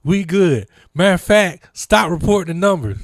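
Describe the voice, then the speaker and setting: A man's voice: sits high, expressive, normal speed, no room sound, studio quality, voice pushed up. A man mocking a dismissive male politician who brushes off danger in a breezy, slangy way. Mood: brushing off.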